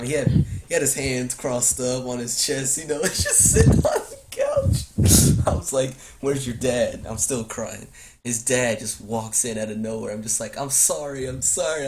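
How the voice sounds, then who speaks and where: Animated teenage guy telling a story. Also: background noise. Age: teens. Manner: animated, acts out quotes in a high crying voice. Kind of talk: casual storytelling.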